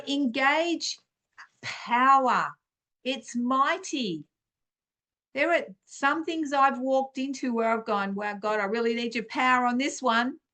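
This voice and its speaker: A middle-aged woman gives informal spiritual teaching as a podcast host, speaking in an unhurried, conversational way and clearing her throat often. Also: high voice, fairly bright tone.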